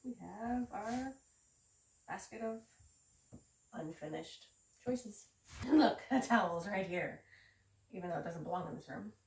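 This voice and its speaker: A woman's voice: on the high side, darkish tone, reverberant, slight background noise. Chatty woman tidying her bedroom. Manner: chatty, self-mocking, talks to viewers. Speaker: home cleaning vlogger. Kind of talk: casual vlog narration while tidying. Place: bedroom at home.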